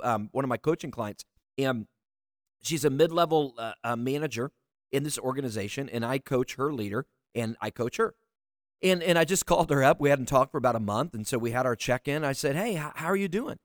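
A man in a mid pitch gives a motivational talk as a leadership coach. He speaks to his listeners directly and earnestly, often repeating a word as he pushes a point. The sound is dry and close, with no room echo. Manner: earnest, direct, repeats words when emphasizing.

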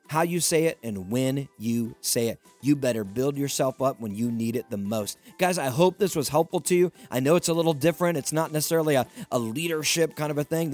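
A man's voice: mid-range voice, darkish tone. Earnest man giving a motivational talk. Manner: earnest, emphatic, repetitive exhortation. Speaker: podcast host.

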